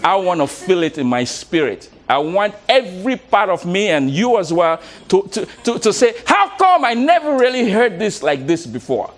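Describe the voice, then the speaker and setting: High, lively-voiced male motivational coach. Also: normal speed, few pauses. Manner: animated, laughs often, repeats words, coaxes the audience. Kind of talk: motivational talk to a live audience.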